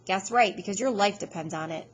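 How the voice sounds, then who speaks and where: A woman voicing a small, bold, brainy boy who speaks loudly and theatrically. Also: medium pitch, brisk, a little hiss or hum, lightly acted. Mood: taunting. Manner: loud, emphatic, triumphant declaring.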